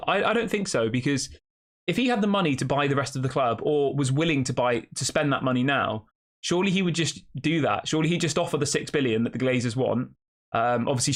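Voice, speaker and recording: Chatty man thinking aloud. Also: medium pitch. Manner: thinks aloud, corrects himself often, asks rhetorical questions. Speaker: fan channel host. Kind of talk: casual opinion commentary.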